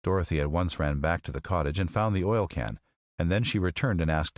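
A man narrating a classic children's story as an audiobook, with an expressive, measured reading. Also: sits low, no room sound, clean studio sound.

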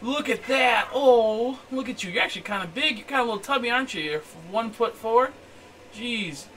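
A young man giving let's-play commentary, excitable and swearing a lot, chatting to the creatures on screen and yelling at surprises. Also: extremely high pitch, fast talker. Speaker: game streamer.

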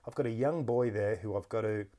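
A man's voice: fairly low pitch, a little fast, warm tone. Chatty man telling stories. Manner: chatty storyteller, laughs easily, many restarts. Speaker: podcast host. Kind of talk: casual interview chat. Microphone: podcast microphone.

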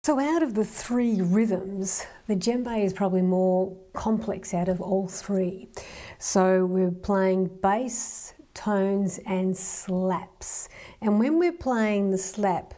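Woman, drum teacher, slow patient counting, warm mellow voice. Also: medium pitch. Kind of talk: hand drumming lesson.

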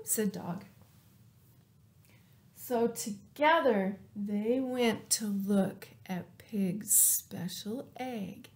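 A woman librarian reading a children's story aloud, expressive and playful, asking the children questions and dropping to whispers. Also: mid-range voice. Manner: animated, slow and expressive, asks the children questions, drops to whispers.

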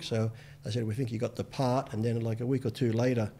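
A fast-talking man in his fifties spins casual stories as a podcast guest. He swears freely and acts out what others said, in an easygoing middle-pitched voice. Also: level tone, warm tone, a little hiss or hum. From Australia. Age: 50s. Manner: rapid, laid-back, swears freely, acts out quotes. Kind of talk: casual storytelling interview.

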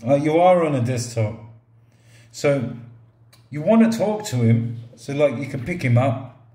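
Slow-talking middle-aged man, roomy room. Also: mid-range voice. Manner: relaxed, joking, talks to the robot like a pet. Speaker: product reviewer. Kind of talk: casual product review vlog. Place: indoors at a table or counter.

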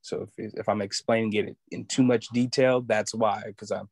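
A man sharing a personal religious testimony in an earnest, halting way, often restarting as he looks for words. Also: lowish voice, fairly even intonation, gravelly, a little mellow, no echo. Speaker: student giving testimony.

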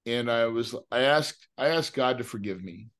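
A man's voice: mid-range voice, lively intonation, normal speed, a bit bright. Middle-aged man, podcast guest, casual emotional storyteller, mid-range voice, lots of "right?". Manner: casual, repeats words, often asks "right?". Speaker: guest, real estate investor.

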